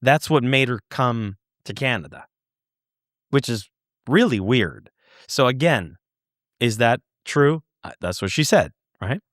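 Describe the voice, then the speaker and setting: A man telling a story as a podcast guest, animated, swearing and repeating words for emphasis. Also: medium pitch, a little slow, dry recording, clean studio sound. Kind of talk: casual storytelling.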